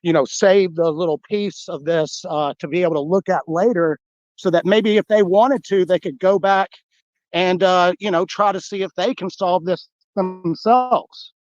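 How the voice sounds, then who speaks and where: A man with a Southern US drawl chats easily as a podcast co-host, with a voice pitched a little high. The sound is dry and somewhat dull and lo-fi, like call audio. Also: normal speed, no echo. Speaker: podcast co-host running puzzles. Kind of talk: casual chat.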